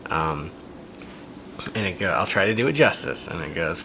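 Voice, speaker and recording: A man reading a silly fan story aloud for a comedy podcast, with deadpan asides on its plot. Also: sits low, moderate pace, pauses often, noisy background. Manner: amused, reads dialogue in a flat deadpan with asides.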